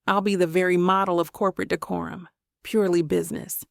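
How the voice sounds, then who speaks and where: A woman's voice: on the low side, level tone, quick pace, creaky, no echo, clean studio sound. A woman voicing a confident, teasing male businessman in an audiobook, speaking with amused self-assurance. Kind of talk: audiobook narration.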